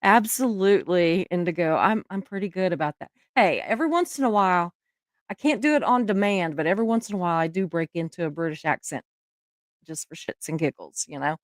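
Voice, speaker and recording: A middle-aged woman with a Southern US accent, hosting a casual livestream chat. She talks warmly to her viewers and laughs often. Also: on the low side, lively intonation, no room sound, clean studio sound. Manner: chatty, laughs often, drawn-out words. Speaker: livestream host.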